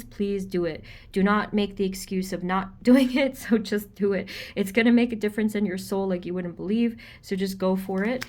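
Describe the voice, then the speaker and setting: A woman doing a pick-a-card tarot reading for viewers, gentle and reassuring, chatty, with frequent ums and an easy laugh. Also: medium pitch. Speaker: tarot reader.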